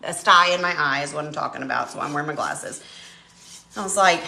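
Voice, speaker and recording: A woman chatting casually on a live stream while she paints, telling a dramatic, animated story. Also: low-pitched, brisk, vocal fry, roomy sound. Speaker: craft channel host.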